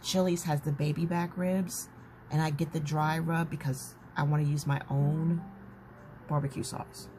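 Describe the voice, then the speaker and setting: A woman's voice: low-pitched, level tone, normal speed, soft background music. A woman chatting casually to her viewers while she flips through a journal. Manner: chatty, warm-hearted, talks to viewers as "y'all". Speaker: journaling vlogger. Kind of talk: casual chat. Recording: noticeable background noise.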